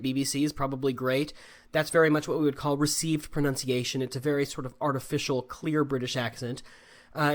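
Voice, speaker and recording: A man's voice: a little high, fairly bright tone. An American man teaching English and answering questions in a live online class, explaining patiently and often checking in with "right?". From United States. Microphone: video call.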